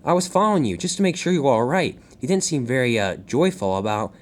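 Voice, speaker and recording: A man's voice: medium pitch, very animated, fast talker, natural voice. A man voicing a friendly, supportive engine in a storybook tale, speaking in an encouraging way.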